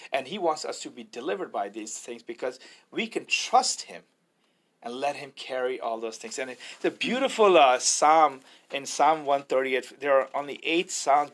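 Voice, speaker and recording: A man, an evangelist, sharing a personal faith testimony in an earnest, preacherly way, often quoting scripture. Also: mid-range voice.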